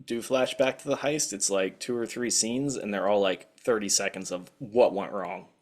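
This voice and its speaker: A man who is a guest on a podcast, chatting in a relaxed, blunt way and swearing casually. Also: lowish voice, normal speed. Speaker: guest writer. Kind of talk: casual chat.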